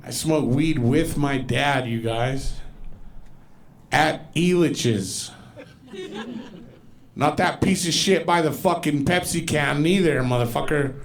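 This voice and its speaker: A man in his forties doing a profane stand-up comedy set on a club stage, telling loose stories and putting on loud, exaggerated voices. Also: on the high side, takes it slowly, pauses often. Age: 40s.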